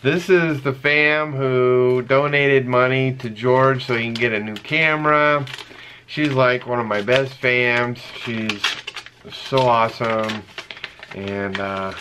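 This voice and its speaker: Earnest, slow-talking man reading fan mail. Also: medium pitch, fairly even intonation, noisy background. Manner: earnest, emotional, halting with many fillers; reads letters aloud slowly. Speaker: vlogger opening fan mail. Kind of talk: casual chat.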